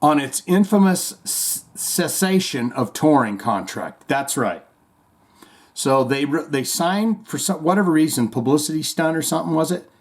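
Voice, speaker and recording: A man's voice: fairly high pitch, animated, normal speed. A male podcast host giving comedic rock news commentary, riffing profanely and animatedly between the news items he reads out.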